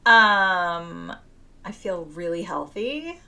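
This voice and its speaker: A woman's voice: on the low side, extremely slow, gravelly, faint music behind. Chatty woman co-hosting a podcast. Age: adult with school-age children. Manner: chatty, quotes people in lively asides. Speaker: podcast co-host. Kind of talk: casual film review chat.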